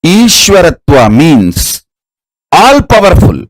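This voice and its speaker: A man as a spiritual teacher giving a guided meditation in slow, measured commands. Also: a little high, huge pitch swings, low-quality recording.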